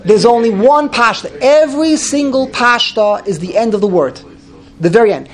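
Man teaching Torah reading, stumbling restarts. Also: high voice. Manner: repeats words, restarts, demonstrates chanting. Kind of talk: informal class discussion.

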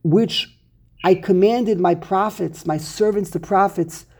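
A man's voice: high-pitched, slow pace, a little mellow, husky. A man teaching a Torah text class, explaining verses emphatically and repeating words for stress. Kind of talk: Talmudic-style text study class.

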